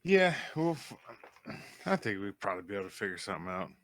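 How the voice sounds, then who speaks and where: Easygoing man with a fairly low voice. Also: very animated, fast. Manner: easygoing, brief replies. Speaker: podcast co-host. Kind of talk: casual chat.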